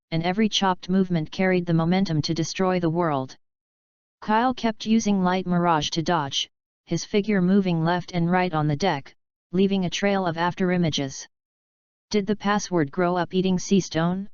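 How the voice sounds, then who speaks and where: Woman reading an action story aloud, very smooth voice, dry slightly muffled sound. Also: lowish voice, a little mellow, no room sound. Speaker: audiobook narrator. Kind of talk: scripted narration of an action story.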